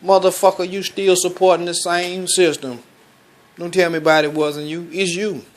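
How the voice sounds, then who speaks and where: Profane guy ranting in AAVE, kinda high voice, asks question after question. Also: level tone, normal speed. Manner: blunt, profane, preachy, rhetorical questions. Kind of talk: profane street monologue.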